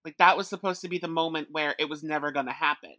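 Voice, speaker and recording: Woman, podcast co-host, gushing rambly chat, low-ish pitch, bright tone, dry sound. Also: steady tone, fast, no echo. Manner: enthusiastic, rambling, "like" fillers. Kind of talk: casual TV discussion.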